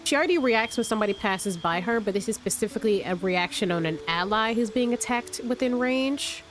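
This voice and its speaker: A woman with a cold, a bit stuffy and raspy, thinking aloud as she hosts casual gameplay commentary from her room at home. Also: medium pitch, expressive, brisk, soft background music. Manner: thinks aloud, rambling with restarts. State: sick, stuffy and a little raspy. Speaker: let's play host.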